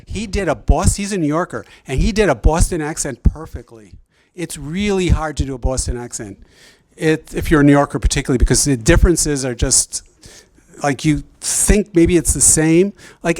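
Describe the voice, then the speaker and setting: Academic man fielding audience questions, wry and conversational, slightly high voice, dry mic. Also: a little mellow, dry recording. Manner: chatty, wry, self-interrupting. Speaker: sociolinguist guest speaker. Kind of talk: academic Q&A answer.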